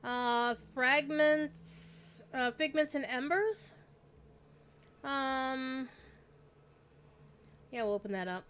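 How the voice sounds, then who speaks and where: A woman's voice: high voice, expressive, very slow, long pauses, fairly bright tone, slight background noise. A woman streaming an online role-playing game, chatting casually to viewers and to her pet, with an easy, swearing-friendly manner. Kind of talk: casual live-stream chat.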